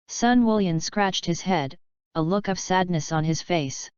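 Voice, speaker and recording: Narradora de voz grave e nítida. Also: female voice, lowish voice, a little slow, darkish tone, smooth, no echo, lo-fi sound. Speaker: audiobook narrator. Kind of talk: fanfiction audiobook narration.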